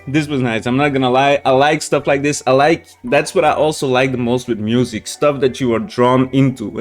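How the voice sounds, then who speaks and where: A man hosting a reaction channel, telling a story to viewers in a rambling way, swearing often and restarting sentences. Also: mid-range voice.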